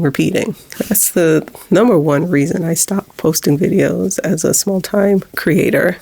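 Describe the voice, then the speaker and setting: Gravelly-voiced woman rambling candidly. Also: sits low, darkish tone. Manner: rambling, candid, swears, trails off into whispers. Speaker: small YouTube creator. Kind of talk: personal confessional vlog.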